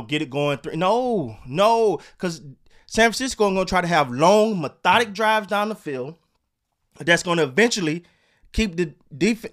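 A man ranting casually about football and basketball, animated, swearing and repeating himself. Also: sits high. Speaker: sports commentator. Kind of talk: casual sports rant.

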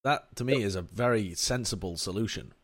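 A man making quick quips in a casual podcast chat. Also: fairly low pitch, a crowd in the background. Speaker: podcast co-host.

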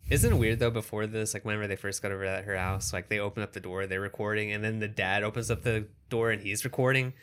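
A woman's voice: rumbling low, steady tone, fast talker, few pauses, clean tone. A woman in her thirties co-hosting a casual podcast chat, laughing often and acting out silly voices. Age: 30s. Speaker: podcast co-host.

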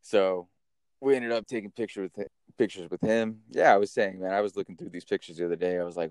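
Low-voiced man telling stories casually. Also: brisk, no room sound, studio quality. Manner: animated, chatty storyteller who swears casually. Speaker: podcast host. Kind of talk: casual storytelling.

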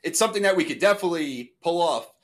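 A man's voice: on the high side, lively intonation, quick pace. A man, hosting a casual podcast over a video call. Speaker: podcast host. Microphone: remote video call.

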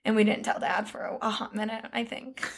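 A woman's voice: on the high side, steady tone, a little fast, vocal fry, breathy edge. A young adult woman co-hosting a podcast, playful, laughing a lot and swearing casually. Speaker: podcast co-host. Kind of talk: casual chat.

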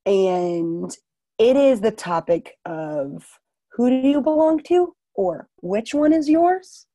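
A woman's voice: a little high, lively intonation, takes it slowly, dark tone, dry recording. Amused young woman, dry close sound. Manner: amused, laughing asides. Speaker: podcast co-host. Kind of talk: casual podcast chat.

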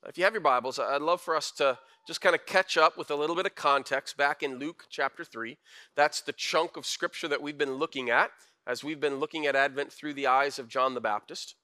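A young man preaching a casual, conversational sermon with slang and animated asides. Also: fairly high pitch, a little fast. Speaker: pastor.

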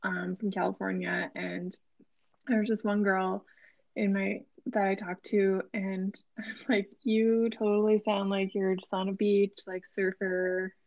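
A young woman with a Minnesotan accent chatting casually as a podcast co-host, full of fillers and quick laughs. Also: mid-range voice, flat delivery, vocal fry, no echo, narrow, tinny audio. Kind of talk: casual chat.

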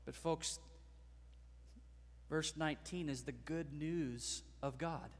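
A man preaching a sermon as pastor, swelling into dramatic, loud passages and acting out voices from the stories. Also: a little high, slow, long pauses, long reverb tail.

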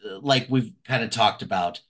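A man's voice: lowish voice, moderate pace, a bit bright. A man co-hosting a podcast, giving wry, sarcastic remarks in casual chat. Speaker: podcast co-host.

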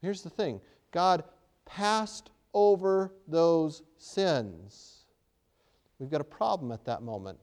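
A man preaching with a smooth, resonant voice of middling pitch. He retells a story dramatically, bursting into loud emphatic peaks, and stumbles through frequent restarts. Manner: hesitant restarts and fillers. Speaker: pastor. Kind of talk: sermon.

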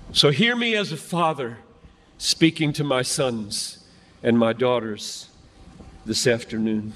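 An older man preaches with a high voice, slow and deliberate, stacking phrase on phrase with fervent conviction. His words ring out through a large hall with a long reverb trailing behind them. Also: fairly bright tone. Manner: earnest, building repetition, fervent. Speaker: pastor. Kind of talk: sermon.

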